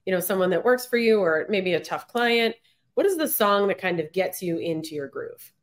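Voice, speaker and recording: A woman host with an ordinary mid-pitched voice asks interview questions warmly and encouragingly. She laughs along and keeps the talk moving. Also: lively intonation, moderate pace. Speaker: podcast host.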